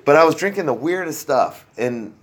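A man's voice: a little high, animated, moderate pace, a little hiss or hum. A man telling his own recovery story in a casual, rambling way, self-deprecating and full of fillers and restarts. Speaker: speaker sharing a recovery story. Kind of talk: casual personal testimony.

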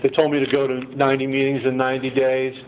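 A man's voice: mid-range voice, completely flat delivery, fast. Man rambling through a story on a tinny line. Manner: casual, rambling, fills with "man" and "you know". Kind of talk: personal recovery story. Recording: tinny phone-like lo-fi audio with faint noise.

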